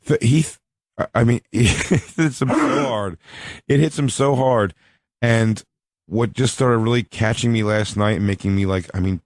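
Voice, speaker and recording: Animated man hosting a radio show. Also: mid-range voice, moderate pace, dry recording, studio quality. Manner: animated, laughing, acts out noises and quotes. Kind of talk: casual comedic banter.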